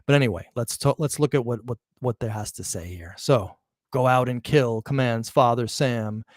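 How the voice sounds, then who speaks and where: A man's voice: mid-range voice, normal speed, no echo, clean studio sound. A man hosting a true crime commentary, reading letter passages aloud and mocking his critics with chuckles and restarts. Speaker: true crime channel host.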